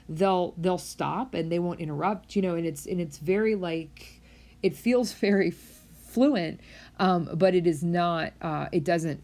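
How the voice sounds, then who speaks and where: A woman delivers a recorded university lecture in a loose, chatty manner. Her voice sits a little low, and she fills pauses with ums and uhs and restarts her sentences as she explains. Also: dark tone. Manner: conversational, with many fillers and restarts. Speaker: psychology lecturer.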